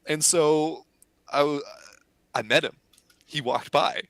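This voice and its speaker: A man telling a story in a casual podcast interview, excitable and animated, acting out the quotes. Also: fairly high pitch, slow pace, creaky, no room sound. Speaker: podcast guest, cosplayer.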